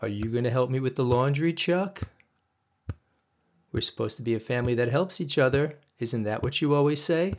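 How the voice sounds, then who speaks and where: A man voicing his wife, an adult woman who nags and taunts him with slow, sing-song repetition. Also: medium pitch, slight background noise, natural voice. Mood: taunting. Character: nagging wife, adult woman, sarcastic and persistent.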